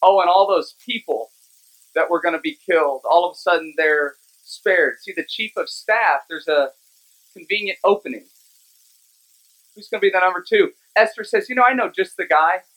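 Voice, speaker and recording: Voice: medium pitch, moderate pace, low-quality recording. Conversational pastor retelling a story. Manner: casual, conversational, lively retelling. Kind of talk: sermon storytelling.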